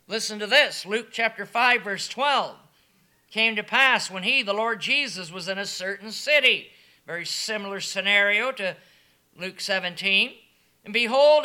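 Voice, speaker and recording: Male preacher, very high voice, sermon, emphatic, soft asides and shouted peaks. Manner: emphatic and animated, swings between soft asides and loud, shouted declarations.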